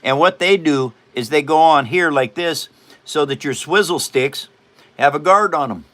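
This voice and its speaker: Bright-voiced man in his seventies. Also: a little high, moderate pace. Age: 70s. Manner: joking, rambling, laughs often. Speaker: livestream host. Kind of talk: casual livestream chat.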